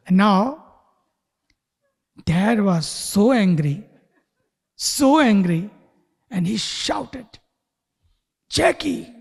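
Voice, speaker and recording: A man giving a spiritual talk who tells a story slowly and sometimes drops to a whisper. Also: high voice, lively intonation, gravelly, big-room sound. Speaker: spiritual teacher. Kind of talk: sermon with storytelling. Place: retreat hall.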